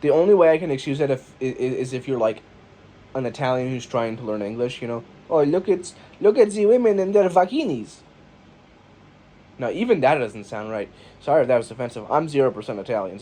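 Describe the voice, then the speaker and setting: A man's voice: medium pitch, a little fast, dark tone. A man hosting a casual solo comedy podcast, sarcastic and profane, riffing on each item of a list he reads out. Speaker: podcast host. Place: home room with a lawn mower outside. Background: faint lawn mower noise from outside.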